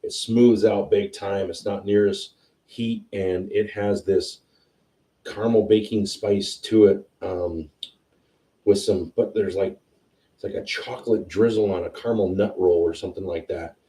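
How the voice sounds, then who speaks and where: A man hosting a whiskey tasting livestream, chatting casually and excitedly as he tastes. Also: low-pitched, measured pace, recorded from a distance. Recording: roomy sound, a bit off-mic.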